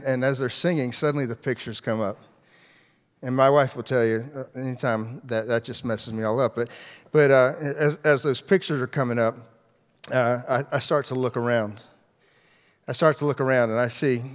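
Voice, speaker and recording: In a storytelling sermon, a middle-aged pastor at a typical male pitch moves between loud, emphatic declarations and near-whispered asides. His tone is clear and resonant, echoing with the long reverb of a large church hall.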